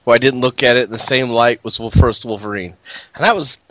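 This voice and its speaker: A man's voice: medium pitch, fairly even intonation, a little fast, fairly bright tone, no echo, low-quality recording. Candid man confessing about movies. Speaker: podcast co-host. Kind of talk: casual movie review chat.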